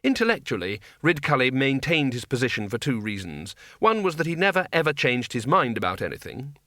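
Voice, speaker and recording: A man's voice: mid-range voice, very animated, fairly quick, bright, forceful tone, dry recording. A man narrating a comic fantasy audiobook in a dry, wry storytelling manner on a close studio mic. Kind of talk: scripted narration.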